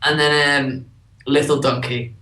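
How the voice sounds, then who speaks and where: A man's voice: mid-range voice, flat delivery, measured pace, sharp tone, recorded from a distance. A man chatting casually as a guest, with many fillers. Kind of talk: casual chat. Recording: echoey room, off-mic.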